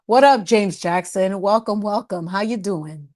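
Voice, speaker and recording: A woman's voice: medium pitch, normal speed, few pauses, darkish tone. A woman hosting a casual livestream chat, playful and sassy, laughing often and dropping in Spanish words. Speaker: livestream host.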